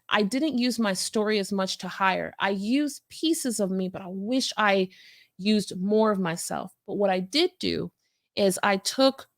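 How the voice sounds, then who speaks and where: Woman business coach talking fast and casual, lots of ums, dry mic. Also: mid-range voice, no echo. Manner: energetic, conversational, many fillers and restarts. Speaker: business coach and company founder. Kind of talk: motivational business talk.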